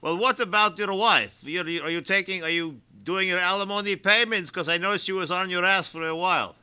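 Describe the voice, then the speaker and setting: A man hosting a comedy radio show, deadpan and dropping little words as he quizzes his guest. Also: high voice, fairly quick, clear, resonant tone.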